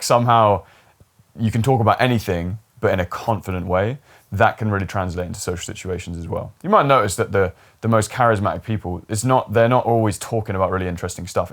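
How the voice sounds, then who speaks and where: A young man talking to camera at his desk, giving relaxed, rambling advice with lots of fillers. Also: low voice, brisk. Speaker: YouTube coach on talking to camera. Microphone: camera mic, seated at desk.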